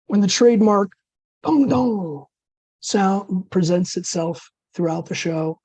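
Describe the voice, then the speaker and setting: A man with a scratchy voice from dysphonia, reading his own absurd flash fiction in a dry, deadpan way over a video call. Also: high voice, breathy edge, no room sound.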